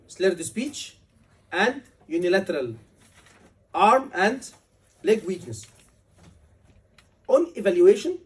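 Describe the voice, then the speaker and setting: A man's voice: sits high, a little mellow, slightly rough, distant mic. A man, tutoring a class for a medical exam, emphatic and repeating key words over and over. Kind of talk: classroom lecture.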